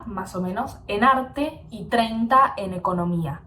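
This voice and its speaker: A woman, speaking slowly and deliberately in a language-learning video. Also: medium pitch, pushed and bright, slight background noise. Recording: echoey, distant clip played back.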